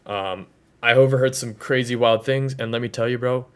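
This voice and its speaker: A man's voice: medium pitch, steady tone, normal speed, clear, resonant tone. A man in his twenties ranting casually to the camera about college, slangy and full of fillers. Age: 20s. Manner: loose, slangy, lots of fillers. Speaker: vlogger. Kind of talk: casual rant.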